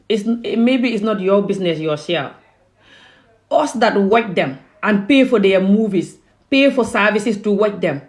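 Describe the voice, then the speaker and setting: A woman's voice: on the high side, a little mellow. A woman from Gambia ranting heatedly and emphatically in a self-filmed commentary video. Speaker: vlogger.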